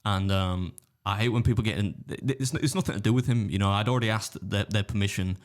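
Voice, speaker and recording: A man's voice: lowish voice, quick pace. An English man telling a rambling story in a casual podcast chat, with frequent restarts. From England. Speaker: guest, food challenge YouTuber.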